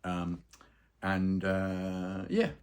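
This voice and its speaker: A man with a very low, deep voice tells long anecdotes in a relaxed interview. He rambles with plenty of ums and uhs and slips into the voices of the people in his stories. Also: drawn-out words. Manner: rambling storyteller with many fillers, acts out quoted voices. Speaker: actor and voice-over artist interviewed.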